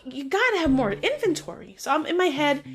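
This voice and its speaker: A middle-aged woman with a fairly high voice talks through an everyday story in a loose, chatty vlog style. She keeps an upbeat, encouraging tone and slips into acting out bits of dialogue as she goes. Faint music plays behind her. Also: very animated, brisk. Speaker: vlog host. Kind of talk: casual motivational storytelling.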